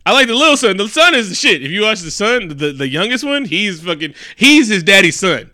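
A man co-hosting a casual podcast, telling stories in a profane, animated way and acting out the people he quotes. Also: high voice, normal speed, dry recording, clean studio sound. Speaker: podcast co-host. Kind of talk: casual chat.

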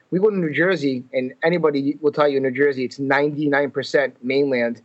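A man from Massachusetts chats about his comedy shows, lively and quick to quote people in his stories. His voice sits a little high. The sound is dull and lo-fi. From Fall River, Massachusetts, US. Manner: animated storytelling with quoted voices. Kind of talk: casual podcast chat.

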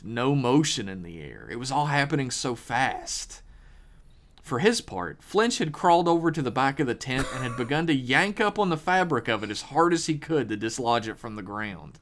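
A man hosting a podcast, reading a horror story aloud with measured, dramatic pauses. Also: mid-range voice, big pitch swings, a bit bright.

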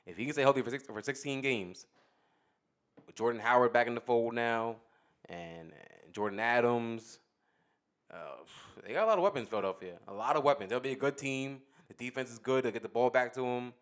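A man co-hosting a sports podcast, talking in a relaxed, casual way. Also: medium pitch, fairly quick. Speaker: podcast co-host.

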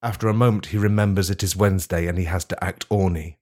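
Low-ish guy deadpan narrating a goofy rpg, keeps a straight face. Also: a little fast, few pauses. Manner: deadpan absurd storytelling. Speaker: game master. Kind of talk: comic narration of a tabletop game.

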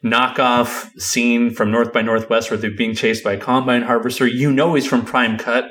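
A man's voice: medium pitch, level tone, moderate pace, a bit bright. A man with a mid-range voice co-hosting a casual film podcast. He talks in an easy, conversational way and laughs often. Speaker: podcast co-host.

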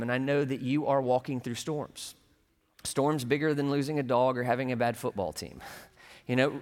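A man preaching a sermon in a church, telling a personal story in a relaxed, conversational way with dry humor. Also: medium pitch. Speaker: pastor. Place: church sanctuary. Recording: long hall reverb.

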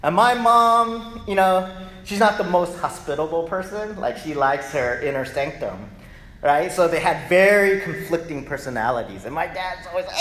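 A male pastor preaching a lively, conversational sermon that keeps checking in with the congregation. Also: fairly high pitch, moderate pace. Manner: animated, conversational, often asks "right?". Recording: echoey hall, faint noise.

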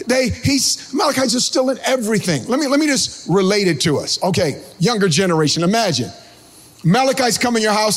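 A man preaching a sermon as pastor, animated, breaking into sing-song shouts and calling out to the congregation. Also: high-pitched, fairly quick. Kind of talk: energetic sermon.

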